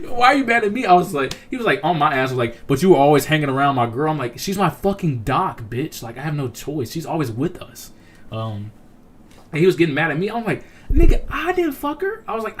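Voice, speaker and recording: A man's voice: medium pitch, slight background noise. Profane young man telling a story. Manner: profane, animated, acts out other people's lines. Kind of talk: casual storytelling livestream.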